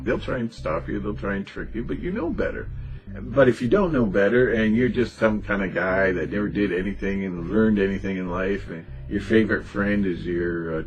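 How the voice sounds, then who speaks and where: A man delivering a rambling, emphatic, unscripted monologue in a conspiratorial tone as a spiritual channel host. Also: on the low side.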